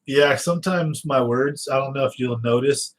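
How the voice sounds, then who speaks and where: A man's voice: medium pitch, moderate pace, rough recording. Fishing guy just rambling, slight lisp, trips on words sometimes, lots of uh and you know. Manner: loose storytelling with fillers and restarts. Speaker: fishing channel host. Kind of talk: casual rambling chat.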